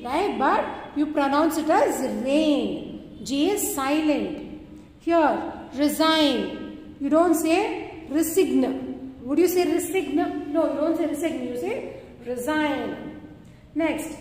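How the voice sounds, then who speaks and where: A woman's voice: sits high, darkish tone. A woman teacher with an Indian English accent leads a pre-recorded lesson, patiently asking each question and answering it herself. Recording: echoey room with faint noise.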